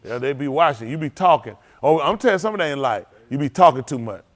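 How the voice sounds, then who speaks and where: A preacher who tells stories in a loose, rambling way. His voice sits a little high for a man and swings widely in pitch, climbing sharply when he gets worked up. He laughs often and circles back over his own phrases. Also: quick pace. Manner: animated, laughing, repeats and restarts phrases. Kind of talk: loose storytelling sermon.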